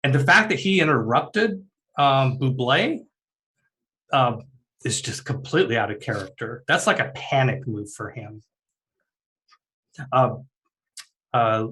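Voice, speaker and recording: Bright-voiced man running a tabletop game. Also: mid-range voice, animated, measured pace, long pauses, poor audio. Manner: rambling, many fillers and restarts. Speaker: game master.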